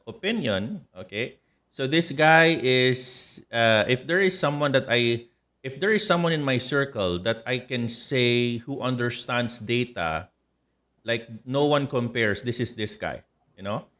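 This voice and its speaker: A man's voice: mid-range voice, expressive, unhurried, a bit bright. A man hosting a casual live stream, chatting, reading viewer comments aloud, and laughing easily. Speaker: channel host.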